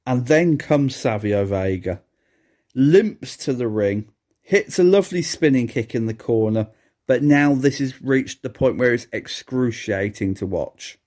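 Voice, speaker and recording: A man's voice: medium pitch, animated, measured pace, a little mellow. A man hosting a wrestling review podcast on his own, talking casually with sardonic, exasperated asides and bursts of laughter. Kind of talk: casual solo review commentary.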